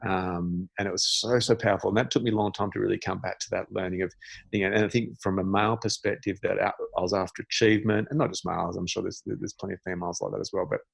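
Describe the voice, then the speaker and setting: Low gravelly man telling a story. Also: no echo. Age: 40s. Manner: reflective, animated storyteller with frequent restarts. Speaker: podcast guest, meditation teacher. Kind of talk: candid storytelling in a podcast conversation.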